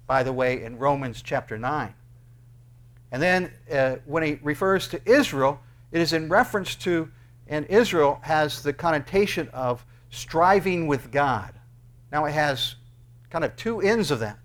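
A male pastor preaching an earnest sermon, with emphatic rises and quick bursts between quieter explanations. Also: fairly high pitch, animated.

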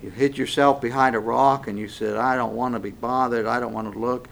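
A man preaching a sermon slowly and emphatically, swinging between loud passages and hushed ones. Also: medium pitch, steady tone, creaky, a little hiss or hum.

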